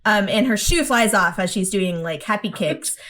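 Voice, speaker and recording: A woman's voice: mid-range voice, normal speed, a loud crowd. A woman co-hosting a casual podcast chat, animatedly retelling cartoon scenes and acting out the lines in quoted voices. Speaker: podcast co-host.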